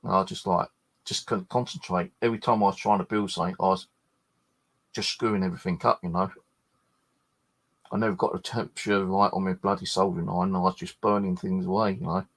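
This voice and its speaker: Tired bloke, low-pitched, rambling casual chat full of swearing and restarts. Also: male voice, flat delivery, fast talker. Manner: swears freely, meandering with many restarts. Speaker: ghost hunter chatting with livestream viewers.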